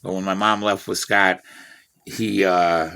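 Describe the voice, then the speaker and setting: A man's voice: sits low, little pitch movement, a little slow, vocal fry, bright, forceful tone, clean tone. A man in his fifties telling rambling personal stories in a profane, boastful, meandering way. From Washington State, USA. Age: 50s. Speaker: vlogger.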